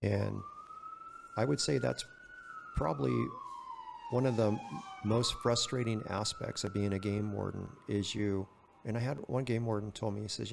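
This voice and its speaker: A man's voice: fairly low pitch, moderate pace, vocal fry, background noise. An older retired man telling stories in a casual way and acting out both sides of the dialogue. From California. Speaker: retired game warden, podcast guest. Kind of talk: casual storytelling.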